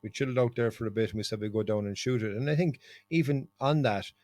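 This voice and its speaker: A man's voice: mid-range voice, fast talker, no echo. Irish man telling trip stories. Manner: storytelling, animated, laughs often. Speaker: podcast host. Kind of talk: casual chat.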